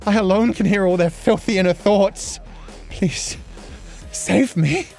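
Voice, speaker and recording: A woman's voice: medium pitch, a little slow, vocal fry, a little mellow. A woman voicing a mentally unstable young male author who pleads frantically and repeats himself, with faint game music behind. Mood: pleading. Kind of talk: voicing visual novel lines.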